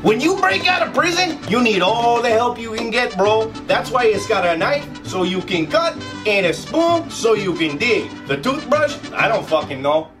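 A performer voicing a sleazy pitchman hawking prison escape gear in a mock TV infomercial, with brash hard-sell patter. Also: big pitch swings, moderate pace, few pauses, over music, close to an everyday voice.

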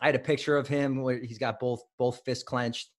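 A man's voice: mid-range voice, little pitch movement, normal speed. A man in his thirties from Illinois, a former wrestler, telling stories as a guest in a casual interview, with many fillers and restarts. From Highland Park, Illinois.

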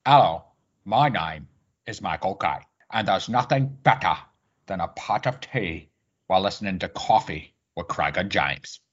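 A clipped older gentleman speaks with a Cockney accent in a deep, husky voice, put on by a man. The audio is dull and lo-fi. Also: lively intonation, unhurried, exaggerated voice. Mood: genteel. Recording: slightly muffled lo-fi audio.

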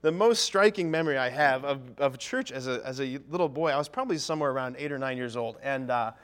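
A man's voice: mid-range voice, fast, clear, resonant tone. A man in his thirties from Ohio, a priest giving a humorous talk to parents and telling self-deprecating stories. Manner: self-deprecating storyteller, keeps asking "right?". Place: parish hall or church.

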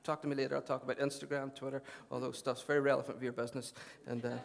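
A man preaching a sermon as pastor, chatty and lively with joking asides, then reading Scripture aloud. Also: medium pitch, racing, creaky.

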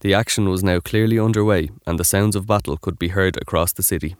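A man giving scripted documentary narration in an even, informative way. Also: deep voice, fast, clear, resonant tone, no echo, clean studio sound.

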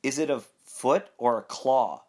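Old miser, earnest questioning, man reading aloud, slow storybook reading. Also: mid-range voice, a little mellow, close to an everyday voice. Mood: uneasy.

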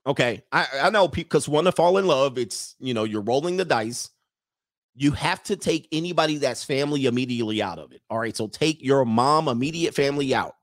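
A man's voice: medium pitch, lively intonation, a little fast, no echo, clean studio sound. A man hosting a casual livestream, joking and rambling as he reads out donations. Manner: joking, rambling, breaks into laughter. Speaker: livestream show host.

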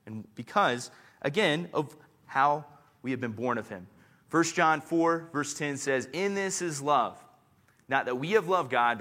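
A man preaching a sermon as pastor, earnest and slowing down to stress scripture. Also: medium pitch, fairly bright tone.

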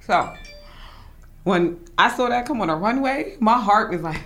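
A young adult woman in casual chat, a fashion designer talking in a laid-back, slangy way that turns animated when she tells stories. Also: mid-range voice, a little slow.

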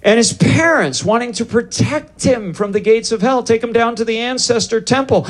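A man's voice: extremely high pitch, moderate pace. A man preaching, telling a story from his ministry and acting out both sides of the conversations. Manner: animated, acts out both sides of dialogues. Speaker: pastor leading deliverance ministry. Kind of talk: sermon storytelling.

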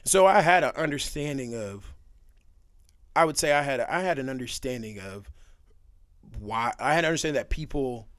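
A young man on a podcast, telling stories in a casual, animated way, laughing often and leaning on fillers. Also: medium pitch, normal speed, long pauses, dry recording, clean studio sound. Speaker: podcast guest. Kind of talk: casual storytelling chat.

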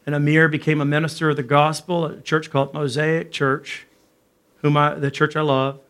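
A middle-aged pastor telling a story in a sermon, acting out the people in it with animated delivery. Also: male voice, on the high side, moderate pace, smooth. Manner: animated, acts out dialogue in his story.

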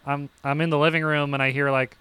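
Bright, crisp young man telling stories. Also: a little high, fast talker, dry recording. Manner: animated storyteller, acts out quotes with sudden yelps. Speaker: podcast co-host. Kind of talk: casual chat.

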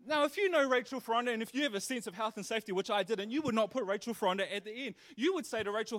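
A young man preaching a sermon, telling a funny story with animated energy before turning earnest. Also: high voice, fast talker, few pauses. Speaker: pastor.

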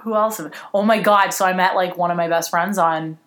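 A woman's voice: lowish voice, fairly even intonation, fairly quick. A young adult woman co-hosting a casual podcast chat, blunt and profane, telling stories with acted-out quotes. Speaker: podcast co-host. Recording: roomy echo.

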